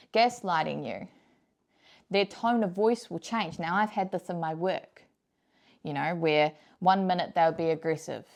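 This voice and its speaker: A woman's voice: lowish voice, a little mellow. Blunt, swearing young woman vlogger. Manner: blunt and frank, swears freely; emphatic, repeats key points. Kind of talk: casual advice talk to camera.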